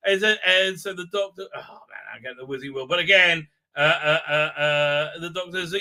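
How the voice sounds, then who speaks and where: On a live stream, a male host with a voice on the high side and a sharp tone runs a casual review chat at normal speed. He rambles sardonically, filling his talk with uhs and ums.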